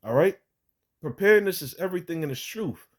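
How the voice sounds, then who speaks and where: A man's voice: on the high side, animated, a little fast. A young man giving a casual spoken religious testimony, rambling with many fillers, restarts and casual swearing.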